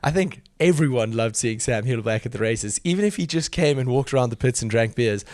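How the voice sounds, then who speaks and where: A man's voice: mid-range voice, animated, brisk, a little mellow, no echo, clean studio sound. A man guesting on a podcast, chatting casually with frequent laughs and lots of "like". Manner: chatty, laughs a lot, says "like" often. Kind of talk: casual chat.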